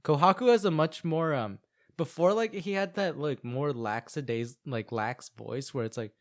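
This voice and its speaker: Recapping an anime on a podcast he co-hosts, this man speaks at a normal speed in a voice on the high side. His style is rambling and chatty, full of "like"s and acted-out quotes.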